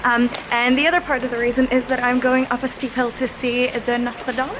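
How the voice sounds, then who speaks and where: Filming on a handheld camera while traveling indoors and out, a young woman vlogs in an upbeat, chatty way, laughing often and breathless from walking uphill. Her voice is on the high side with a flat delivery and a fairly quick pace, with background noise and music playing underneath.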